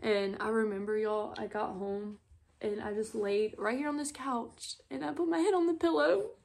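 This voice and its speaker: A woman's voice: on the high side, vocal fry, darkish tone. Tearful young mother. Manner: tearful, halting, many "like" fillers. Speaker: mother vlogger. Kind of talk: emotional personal storytelling. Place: at home on a couch.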